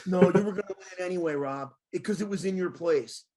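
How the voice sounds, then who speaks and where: A middle-aged man co-hosting a sports talk show, telling excited stories and swinging from loud outbursts to low voices when quoting people. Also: fairly quick, crowd noise. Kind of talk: excited storytelling in casual sports chat.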